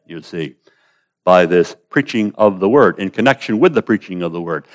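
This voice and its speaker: A man preaching a sermon, quoting scripture in old-style wording and swinging between raised emphasis and hushed asides. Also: deep voice, moderate pace.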